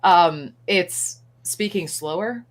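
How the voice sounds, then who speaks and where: A woman hosting a casual chat, animated and laughing often as she talks through ideas. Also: fairly low pitch, takes it slowly.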